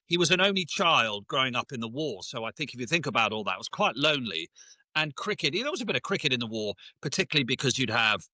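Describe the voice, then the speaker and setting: A man's voice: mid-range voice, fast talker, no echo. A man in his fifties, a sports presenter and podcast guest, telling stories in casual chat and acting out the voices of people he quotes. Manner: animated storyteller, acts out quoted exchanges.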